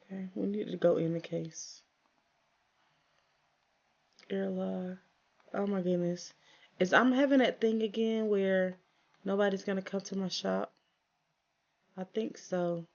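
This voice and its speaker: Chatty gamer woman, gravelly voice. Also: mid-range voice, unhurried, long pauses, a little mellow, muffled recording. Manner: chatty, talks to viewers and her game characters, exasperated asides. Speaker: gaming channel host. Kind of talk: casual let's-play commentary.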